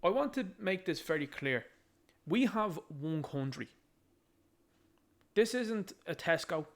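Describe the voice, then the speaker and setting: A man's voice: a little high, lively intonation, takes it slowly. An Irish man delivers fired-up political commentary in a slightly raised voice. He is combative and emphatic, and he leans on repetition to drive each point home. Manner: emphatic, combative, repeats key phrases.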